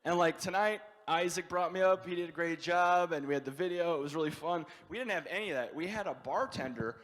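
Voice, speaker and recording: A man from the Midwest doing a stand-up comedy set, telling a story with lots of animation and acting out people yelling. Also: on the high side, brisk, in a large hall, a little hiss or hum. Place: comedy show venue.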